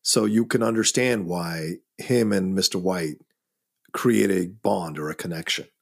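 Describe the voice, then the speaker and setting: Man, voiceover artist, podcast co-host, husky gravelly voice, lively pitch. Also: unhurried. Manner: laughs often, emphatic opinions. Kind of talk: casual film discussion.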